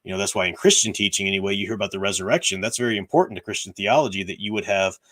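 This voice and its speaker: A man's voice: on the low side, racing, pushed and bright. Earnest man with a tired, strained voice. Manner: earnest, explanatory, thinks aloud. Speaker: livestream host answering viewer questions. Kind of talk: casual livestream commentary on faith and fiction.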